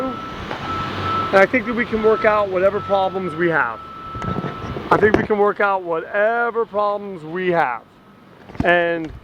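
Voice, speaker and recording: A man's voice: sits high, highs cut off. An actor playing a dumped young man who rambles and pleads in a video message to his ex, outdoors near traffic. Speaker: lead character in a short comedy film. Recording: street noise with passing vehicles.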